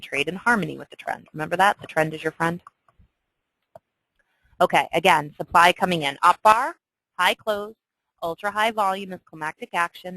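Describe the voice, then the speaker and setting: A woman teaching a trading lesson in a chatty way, walking through a chart and checking in often with "okay?", with excitable asides. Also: deep voice, no room sound, low-quality recording. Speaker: trading instructor. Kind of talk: screen-share lesson walkthrough.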